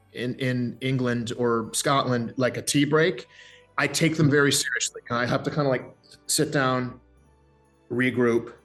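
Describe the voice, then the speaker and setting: A man speaking as a voice actor in an interview, telling stories in an animated, energetic way with many restarts. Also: medium pitch. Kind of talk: interview chat.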